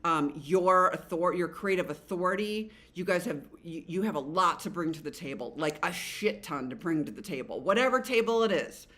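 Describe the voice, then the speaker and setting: A middle-aged woman gives a casual tarot reading, rambling with many fillers, restarts and casual swearing, and putting on animated voices when she quotes the cards. Her voice is lowish, her speed normal, and she hardly pauses.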